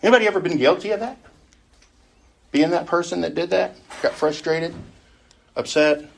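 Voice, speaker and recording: A man's voice: a little high, normal speed, vocal fry. A middle-aged man teaching an adult Sunday school class in a conversational way, often putting questions to the group.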